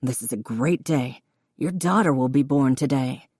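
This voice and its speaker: A woman voicing an adult man, a protective brother asking rushed, anxious questions. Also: rumbling low, darkish tone, slightly rough, no echo, clean studio sound, heavily acted. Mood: firm.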